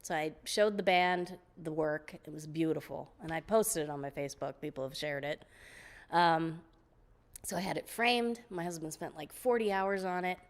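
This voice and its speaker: A woman guest on an interview show, telling stories in a lively, laughing way, often restarting her sentences. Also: low voice, moderate pace. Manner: animated, laughing storyteller with frequent restarts. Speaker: guest vocalist. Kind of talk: casual interview storytelling.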